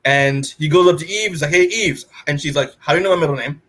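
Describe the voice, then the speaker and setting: A man's voice: on the high side, quick pace, fairly bright tone. A man co-hosting a podcast, recapping a comic issue in a rambling, casual way and acting out the characters' lines, with many fillers. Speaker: podcast co-host.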